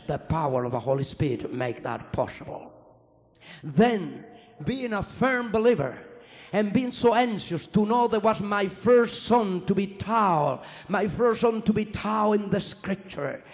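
High-voiced man. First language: Spanish. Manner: earnest, halting, repeats phrases. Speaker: former priest giving testimony. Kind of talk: spoken testimony to an audience.

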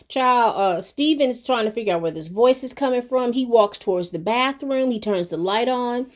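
A woman reviewer casually recapping a TV episode, talking straight to her viewers with expressive, colloquial storytelling and plenty of fillers. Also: medium pitch, moderate pace. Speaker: TV show reviewer.

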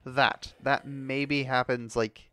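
A man's voice: mid-range voice, level tone, takes it slowly, a bit bright, clear, resonant tone, no room sound. A young man giving casual commentary while playing a game, ranting and swearing when things go wrong. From United States. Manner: frustrated ranting, heavy swearing. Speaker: gameplay commentator.

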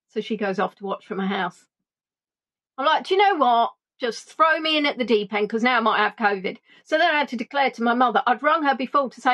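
A woman tour guide chatting through a playful, animated reminiscing monologue. She jumps between voices to act out what people said. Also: a little high, fairly quick. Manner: animated, playful, acts out quotes in funny voices.

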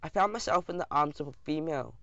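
A man reading a first-person audiobook aloud in a lively, expressive way. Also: on the high side, quick pace, gravelly, dry recording, muffled recording. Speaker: audiobook narrator.

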